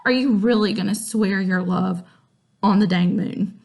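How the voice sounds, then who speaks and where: A woman's voice: mid-range voice, a little slow, gravelly, darkish tone. A woman voicing Juliet as an exasperated, slangy modern teenage girl, talking with sassy disbelief.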